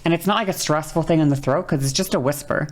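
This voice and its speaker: Low-voiced woman rambling apologetically. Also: fast. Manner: rambling, apologetic, frequent restarts. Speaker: streamer. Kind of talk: casual livestream chat explaining voice technique.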